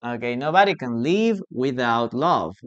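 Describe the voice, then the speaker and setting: Slow, clear-voiced teacher. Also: mid-range voice, animated, lo-fi sound. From Peru. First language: Spanish. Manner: repetitive, drills pronunciation, asks the class questions. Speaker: English teacher. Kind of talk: live online English lesson.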